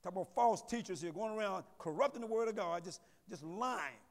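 Pastor, male, high voice, call-and-response sermon, echoing church hall. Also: a little fast, creaky. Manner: call-and-response preaching, repeats words, rising to loud emphasis. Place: church sanctuary. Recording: long reverb of a church hall.

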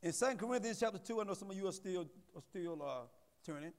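A man preaches a sermon in a church sanctuary. He throws questions out to the congregation, repeats his key words and builds to loud emphasis. A long reverb rings behind his voice. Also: sits high, animated, fast. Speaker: pastor.

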